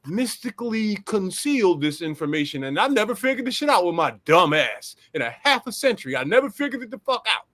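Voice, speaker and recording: An older man from Philadelphia argues in a heated casual debate. He talks bluntly, with emphatic profanity. His slightly high voice moves up and down a lot. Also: big pitch swings, brisk, few pauses, a bit bright. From Philadelphia, USA.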